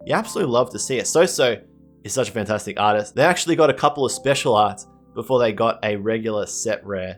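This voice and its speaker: Guy ripping open card packs, gets super hyped, says the same catchphrases over and over, faint music behind. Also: fairly low pitch. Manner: gushing, excitable, repeats catchphrases. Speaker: card collector opening packs. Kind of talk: pack-opening commentary.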